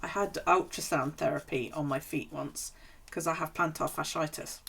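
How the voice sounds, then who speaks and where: Woman streamer, low-pitched, rambling chatter, salty language. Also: steady tone, moderate pace, creaky, a bit bright, breathy edge. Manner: chatty, rambling storyteller who swears freely. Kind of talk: casual chat while journaling on stream.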